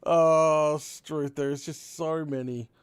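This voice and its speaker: An Australian man in his young adult years chats casually on a live stream, telling animated stories and laughing often. His voice sits a little high and sounds close and dry, with no room echo. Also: takes it slowly, clean tone. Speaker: host streamer.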